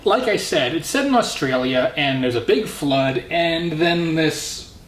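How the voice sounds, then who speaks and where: A man's voice: a little high, lively intonation, measured pace, roomy sound, a little hiss or hum. Casual film-review host from Canada, man, self-correcting and jokey, with light background ambience.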